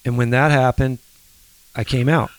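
A man co-hosting a faith podcast, speaking in a soft, reflective, halting way. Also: mid-range voice, fairly even intonation, no room sound. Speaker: podcast co-host.

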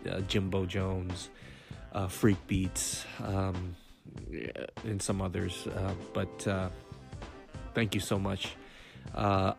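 Deep-voiced man giving shout-outs. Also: gravelly. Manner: relaxed, many fillers. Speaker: podcast host. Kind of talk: casual shout-out segment.

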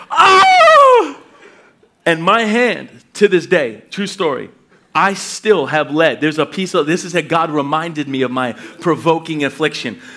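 A middle-aged pastor preaching, reading scripture and telling lively personal stories, acting out voices and laughing as he goes. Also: high-pitched. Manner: animated storytelling, acts out voices, laughs often.

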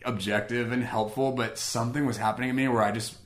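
Fast-talking man telling a story. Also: mid-range voice. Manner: animated, quotes himself and others in conversation, many "like" fillers. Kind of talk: casual personal storytelling.

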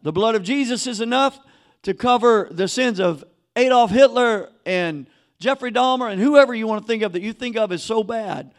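A man preaching a sermon as pastor, emphatic, dropping to a hush and rising again. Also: high-pitched, normal speed. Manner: emphatic preaching, drops to a hushed voice then rises.

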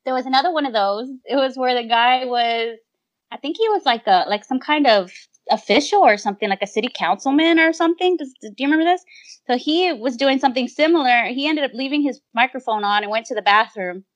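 A high-pitched woman co-hosting a casual podcast. She tells loose, funny stories and laughs often as she talks. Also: fairly quick, lo-fi sound. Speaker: podcast co-host. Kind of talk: casual chat.

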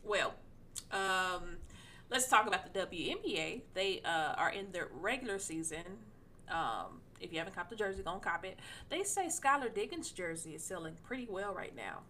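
Female podcast host, casual sports chatter, bright lively voice. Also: on the low side, moderate pace, slight background noise. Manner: animated, slangy, playfully incredulous.

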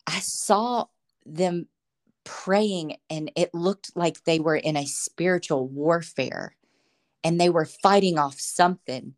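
A woman's voice: on the low side, slow. A woman as a podcast guest, telling her faith testimony in earnest, emotional storytelling. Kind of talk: personal faith testimony in conversation.

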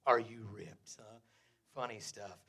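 A middle-aged man preaching a storytelling sermon, chuckling often, saying "uh" and "amen" a lot, and swinging from low asides to loud, fervent preaching. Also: fairly even intonation, unhurried. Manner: chuckles often between phrases, peppers speech with "uh" and "amen". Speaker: pastor.

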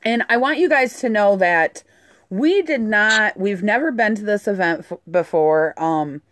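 Swearing, animated woman telling a story. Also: mid-range voice, measured pace, background noise. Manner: animated, swears a lot, acts out quotes. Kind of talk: casual storytelling chat.

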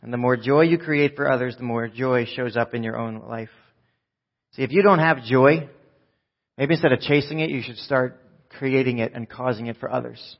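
A man preaching a live sermon to a church congregation, joking and swinging from loud bursts to soft, low asides. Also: moderate pace, vocal fry, lo-fi sound. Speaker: pastor.

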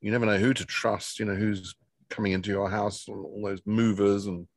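A man with a lowish voice co-hosts a casual podcast, sliding dry little jokes into the chat. His voice is recorded close and dead, with almost no room sound around it. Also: flat delivery, brisk, no echo. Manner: dry, joking banter. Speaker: podcast co-host. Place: outdoors near a camper van.

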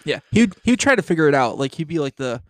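Male co-host, easygoing sidekick, fairly high voice, dry sound. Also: sing-song, fast, no room sound. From Detroit area. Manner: agreeable, frequent fillers and trailing-off phrases. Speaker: podcast co-host. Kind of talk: casual sports talk.

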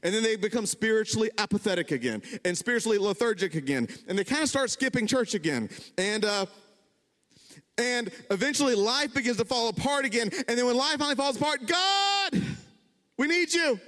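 A man preaching a sermon, conversational and animated, building to emphatic peaks. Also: high-pitched, fast talker. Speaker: pastor. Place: church hall. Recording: reverberant church hall.

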